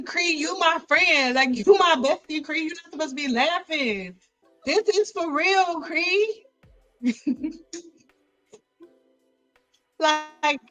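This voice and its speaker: High-voiced woman joking on a live stream. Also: rough recording. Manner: animated, playful, repeats herself for effect. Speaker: hair care live stream host.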